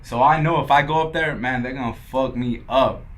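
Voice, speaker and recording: A man's voice: mid-range voice, a little fast, fairly bright tone. A young man from Los Angeles, a podcast guest who tells his story casually, swearing often and acting out what others said. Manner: laid-back, swears a lot, quotes others in dialogue.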